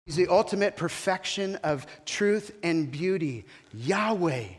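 A male pastor giving a sermon, animated, rising and falling in volume and calling on the congregation to respond. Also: sits high, unhurried, big-room sound.

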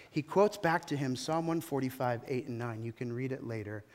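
A male pastor giving a sermon, animated, rising and falling in volume and calling on the congregation to respond. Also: medium pitch, moderate pace, few pauses, in a large hall.

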